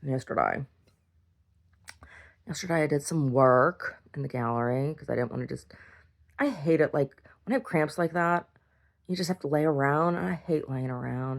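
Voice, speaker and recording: Low-voiced woman ranting in a video diary. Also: unhurried, creaky, long pauses. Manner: blunt, swears freely, drifts into rants. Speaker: video diarist. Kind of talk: casual rambling monologue.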